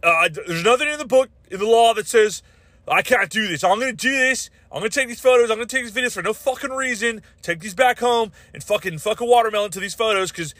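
A man putting on the voice of a whiny, entitled man insisting on his rights, in a high mocking whine. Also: quick pace, fairly bright tone, no room sound.

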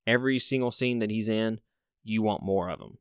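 A man's voice: fairly low pitch, brisk, clean tone, dry recording, clean studio sound. A young man from the American South with a Southern accent, casually counting down his favorite movies in an enthusiastic, opinionated way. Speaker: movie reviewer.

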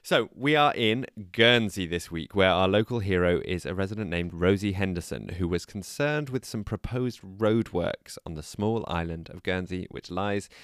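A male podcast co-host with a lowish, smooth voice tells a quirky news story in a chatty, self-deprecating way. The sound is close and dry, with no room around him. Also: expressive, normal speed, few pauses, fairly bright tone, dry recording. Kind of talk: casual chat and storytelling.

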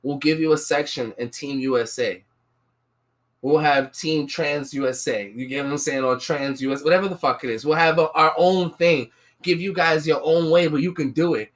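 A woman's voice: low-pitched, normal speed. A woman in casual conversation, making her point earnestly with slang and repeated check-ins to the listener. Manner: argues earnestly with slang and repeated "you get what I'm saying". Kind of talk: casual chat.

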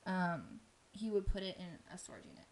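Woman, gravelly fry, casual podcast storytelling, rambling, lots of fillers. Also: on the low side, big pitch swings, brisk. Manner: rambling, full of ums and likes.

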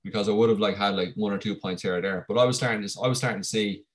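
A man's voice: lowish voice, rapid-fire. A young man hosting a podcast, talking earnestly and reflectively in a casual interview. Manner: earnest, reflective, many fillers. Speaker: podcast host.

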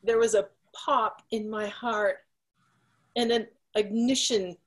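A woman's voice: mid-range voice, steady tone, takes it slowly. A woman sharing her personal faith testimony as a guest, telling her story earnestly and speeding up at the tense moments.

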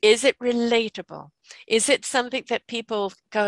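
A woman's voice: a little high, fairly even intonation, normal speed, creaky, no echo. A woman hosting an interview, chatting casually and encouraging her guest. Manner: encouraging, frequent affirmations. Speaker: interview host.

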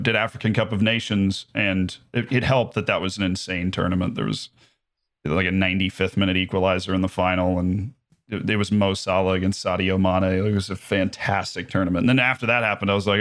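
This time the same sort of guest, an American streamer and sports commentator, speaks with his voice sitting low, a steady tone, a brisk pace and a slightly bright quality. Chatting casually in an interview, he adopts a fake English commentator accent and keeps restarting and using fillers.

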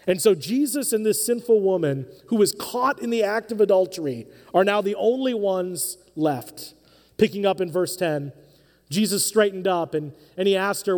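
A man's voice: sits high, animated, normal speed, darkish tone, big-room sound. A man preaching a sermon, earnest and conversational, acting out quotes from the people and figures he speaks about. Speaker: pastor. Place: church sanctuary.

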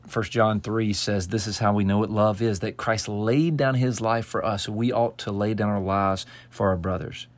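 A man giving devotional Bible teaching, earnest and emphatic, quoting scripture and often restarting phrases. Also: on the low side. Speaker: pastor.

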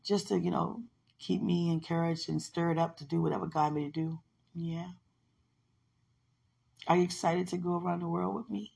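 A woman's voice: lowish voice, fairly even intonation, normal speed, creaky, pauses often, a little mellow, husky. A woman in casual, heartfelt one-sided talk, rambling and affectionate, often laughing, with religious phrasing.

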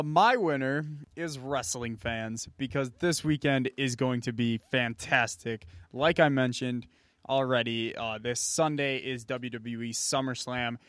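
A man's voice: mid-range voice, a bit bright, no room sound. A man co-hosting a podcast, reacting upbeat and chatting casually about wrestling events. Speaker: podcast co-host.

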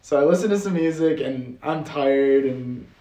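A young man from Wisconsin telling a rambling, animated story as a podcast guest, with lots of fillers and laughter. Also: medium pitch, moderate pace. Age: young adult. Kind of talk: casual storytelling. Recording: roomy sound from off the mic.

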